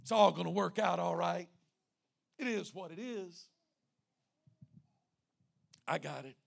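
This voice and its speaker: A breezy, boastful church volunteer played by a preacher, brushing things off in an easy, self-assured way. The voice sits high with a gravelly edge. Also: male voice, slow, exaggerated voice.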